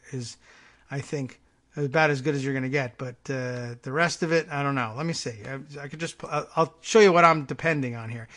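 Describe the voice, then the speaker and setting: A man's voice: fairly high pitch, fairly bright tone. A man hosting a morning talk radio show, thinking aloud and reading out online posts in a casual, rambling way.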